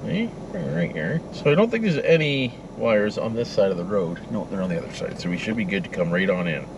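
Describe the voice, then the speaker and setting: A man's voice: lowish voice, lively intonation, fairly quick, gravelly, background noise. A man chatting casually while flying a drone outdoors by a frozen river, talking to the drone and the birds. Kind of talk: casual running commentary.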